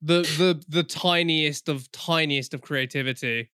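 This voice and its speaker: A young man co-hosting a podcast, chatting casually, swearing a lot and getting loud when excited. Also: fairly high pitch, normal speed, few pauses, clear, resonant tone, no room sound, clean studio sound. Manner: profane, excitable, swings loud. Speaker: podcast co-host. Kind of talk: casual chat.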